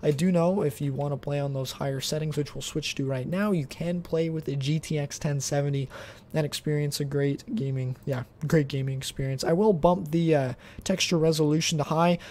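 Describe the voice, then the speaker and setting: A man's voice: a little high, fairly quick. A man casually talking through a gameplay test, rambling and thinking aloud as he plays into a desktop mic. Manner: relaxed, rambling, thinks aloud while playing. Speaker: tech benchmark video host.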